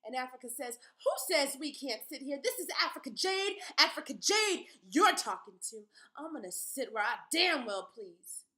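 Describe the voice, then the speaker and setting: An actress performing a dramatic monologue for an audition, telling her story in a folksy dialect and swinging from whispers to shouts. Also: a little high, a little slow, long pauses, rough recording. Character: proud dreamy young woman telling her story.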